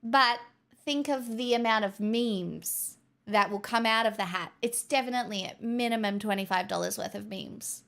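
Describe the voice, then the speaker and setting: Bright-voiced giggly young woman streamer. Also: a little high, normal speed, gravelly. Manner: giggly, rambling, chatty with viewers. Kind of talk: casual live-stream chat.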